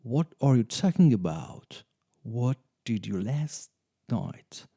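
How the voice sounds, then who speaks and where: A man reading English lesson phrases and example sentences in a slow, deliberate drill style. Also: mid-range voice, very animated, mellow, breathy edge, dry recording, clean studio sound. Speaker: English teacher.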